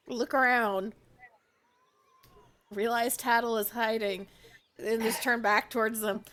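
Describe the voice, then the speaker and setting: A woman's voice: fairly high pitch, fairly even intonation, slow pace, pauses often, fairly bright tone. A woman player in a tabletop game, casually describing what her character does. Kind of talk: tabletop role-play.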